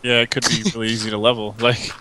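A young man in a casual gaming chat with friends, joking fast and speaking bluntly. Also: mid-range voice, flat delivery, a crowd in the background, low-quality recording.

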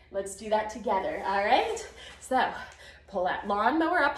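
A high-voiced woman in her thirties leads a low-impact arm workout, upbeat and encouraging as she counts through the reps. She sounds a little out of breath. Her voice rings in the echo of a home garage. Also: animated, measured pace. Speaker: fitness instructor. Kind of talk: guided workout instruction. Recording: echoey garage.

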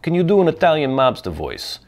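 A man's voice: fairly high pitch, huge pitch swings, brisk, darkish tone, voice pushed up. A man voicing a brash male Italian mobster while reading out a fan's letter in character.

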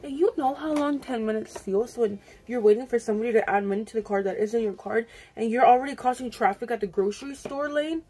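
A young adult woman chats through a get-ready-with-me vlog indoors at home, venting an exasperated, rambling story laced with swearing. She talks fast, with hardly any pauses, in a slightly high, mellow, husky voice.

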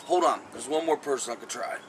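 A man's voice: mid-range voice, quick pace, a little hiss or hum, poor audio. A man hosting a comic vlog skit, rambling and acting out phone calls. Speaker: comedy vlog host.

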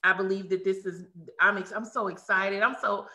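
Excited woman running a live webinar on a video call, crisp bright voice, lots of restarts. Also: mid-range voice, normal speed. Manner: excited, effusive, many restarts. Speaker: webinar host.

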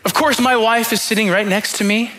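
Young pastor with a high, bright voice. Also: male voice, fairly even intonation, fairly quick. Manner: humorous self-deprecating storytelling; acts out his own inner voice in quotes. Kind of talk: sermon.

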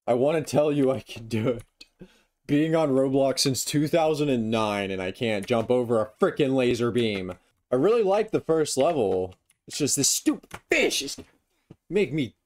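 Excitable young man playing a game. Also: mid-range voice, moderate pace. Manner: excitable, self-mocking, yelps when failing. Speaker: gaming YouTuber. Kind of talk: casual gameplay commentary. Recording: faint music behind.

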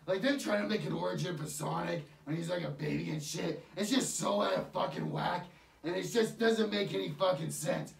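A man's voice: high-pitched, moderate pace, vocal fry. A man ranting about a film in a heated, mocking way, swearing constantly. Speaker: online ranter. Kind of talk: profane rant. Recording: echoey room, far from mic.

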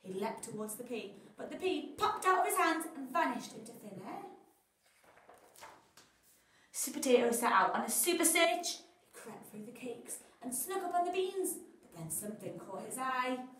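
A woman reads a children's bedtime story aloud with lively, dramatic expression. Her voice sits high and sounds a little distant in an echoey room, with faint background noise behind it. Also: moderate pace.

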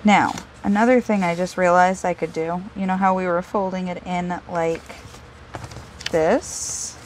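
A woman's voice: fairly low pitch, fairly even intonation, measured pace, slight background noise, low-quality recording. Chatty woman narrating her crafting. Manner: chatty, self-deprecating, talks to herself while working. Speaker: craft video host. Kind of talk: casual crafting tutorial.

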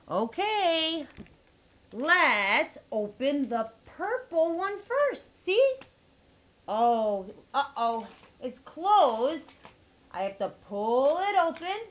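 Young female kids' educator, high and lively, very slow exaggerated sing-song delivery for toddlers. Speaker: children's educator. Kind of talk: teaching toddlers through toy play.

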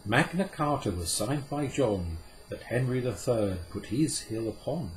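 A man's voice: mid-range voice, expressive, measured pace, slight background noise, voice pushed up, close to an everyday voice, rough recording. A man voicing a curious, earnest young boy in a storybook reading. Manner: eager, earnest.

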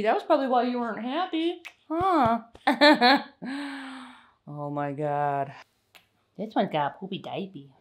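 A young woman and tired mother chatting at home in a home vlog, slipping into high sing-song baby talk. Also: animated, a little slow. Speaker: mother of infant twins.

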